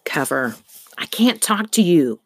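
A woman's voice: low voice, sing-song, measured pace, breathy edge, no room sound, studio quality, full character voice. A woman reading a storybook, voicing a nervous male librarian who whispers anxiously and makes bad puns. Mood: frightened.

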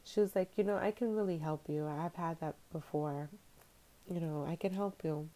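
A young woman recounts a personal story on her podcast in a candid, reflective way, slipping into the voices of the people involved. Her voice sits low, with a mellow, unforced tone. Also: normal speed. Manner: candid, reflective, quotes others in dialogue. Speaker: podcast host.

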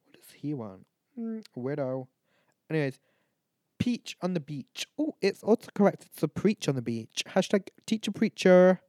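A man's voice: fairly high pitch, sing-song, moderate pace, mellow, dry recording, clean studio sound. A tipsy man, chatting loosely and swearing as a podcast host. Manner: rambling, chatty, swears a lot, laughs at himself. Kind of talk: casual drunk chat, ranking canned cocktails.

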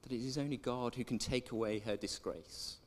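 A man's voice: medium pitch, steady tone, a little fast. A man preaching a sermon in a chatty way, drawing in the congregation with questions. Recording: echoey church hall.

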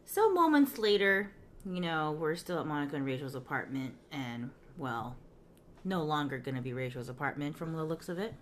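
A woman's voice: sits low, very animated, moderate pace, slight background noise. Chatty woman retelling a sitcom episode. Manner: chatty, fills with "you know" and "like", laughs often. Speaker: podcast co-host. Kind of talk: casual recap of a sitcom episode.

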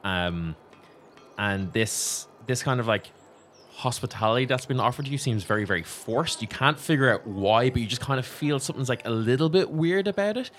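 A man's voice: mid-range voice, lively intonation, moderate pace, fairly bright tone, a little hiss or hum. A man narrating as game master of a tabletop game, casual and rambling with many fillers.

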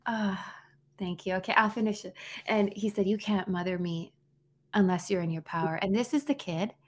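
A woman's voice: medium pitch, normal speed. A woman in her thirties co-hosting a podcast, telling a personal story in an earnest, casual way with frequent restarts. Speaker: podcast co-host. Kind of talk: casual heartfelt conversation.

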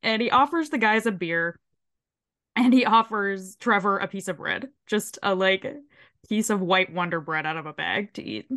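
A woman with a sore throat, co-hosting a podcast and recapping a show in an animated, swearing retelling. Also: mid-range voice, normal speed. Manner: animated, swears freely, briefly mimics characters while retelling. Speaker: podcast co-host. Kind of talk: casual chat recapping a show.

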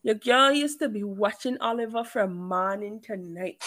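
A woman's voice: mid-range voice, normal speed, fairly bright tone. A young woman co-hosting a podcast, chatting in a playful, teasing way and repeating phrases for effect. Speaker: podcast co-host. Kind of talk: casual chat.

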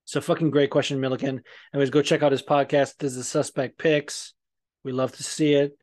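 A man's voice: mid-range voice, little pitch movement, fairly quick, a little mellow. A man hosting a podcast in casual chat, rambling and profane, with lots of fillers and restarts. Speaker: podcast host.

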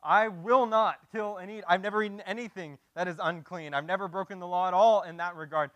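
Peter protests emphatically, horrified and refusing outright, as a preacher voices him. The man's voice runs somewhat high and lifts a little from his plain preaching tone. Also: a little fast, a bit bright, dry recording. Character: apostle Peter, grown man, horrified and refusing.

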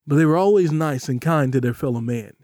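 At a brisk pace, a pastor gives an emphatic podcast sermon, his warm, mellow voice slightly high for a man. Key scripture phrases get drawn out for stress, all captured in a dry, close recording without room sound.

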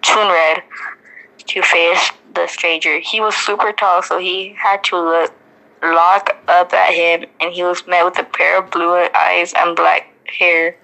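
A woman's voice: fairly low pitch, little pitch movement, measured pace, creaky, sharp tone, low-quality recording. A woman co-hosting a comedy podcast, reading fanfiction aloud in a giggly, sarcastic way, swearing freely.

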